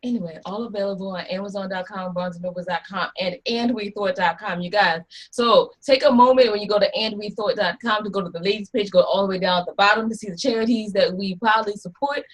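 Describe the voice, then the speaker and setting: A woman co-hosting a casual talk show, brisk and teasing as she runs through announcements and introduces a guest. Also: medium pitch. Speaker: co-host.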